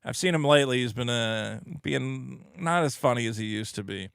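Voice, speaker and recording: A man's voice: medium pitch, moderate pace, vocal fry, a bit bright, clean tone, no room sound. A man co-hosting a podcast, ranting brashly and profanely in casual comedic chat. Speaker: podcast co-host.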